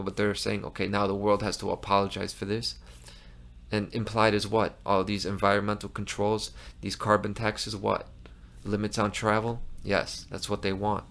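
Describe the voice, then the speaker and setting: This commentary-show host has a lowish, slightly bright voice with vocal fry. He delivers an impassioned monologue, speaking emphatically and heatedly and often restarting his sentences.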